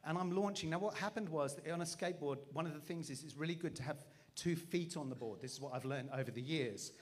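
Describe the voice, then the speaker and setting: A man in his forties tells a comic personal story as a preacher. He pitches his voice a little high and bounces between his own narration and acted-out voices, laughing at himself as he goes. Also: fast talker. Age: 40s. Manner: animated, self-mocking storyteller acting out voices. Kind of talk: storytelling sermon.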